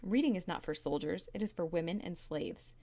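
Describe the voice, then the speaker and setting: A woman reading aloud and voicing a furious little boy prince who shouts threats and protests. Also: lowish voice, animated, a little fast. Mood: raging.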